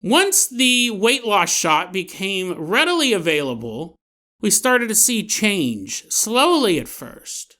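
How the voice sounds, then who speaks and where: Playful, animated man hosting a podcast. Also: high-pitched, slow. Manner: playful, giggly, jokey. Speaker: podcast host. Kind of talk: casual comic storytelling.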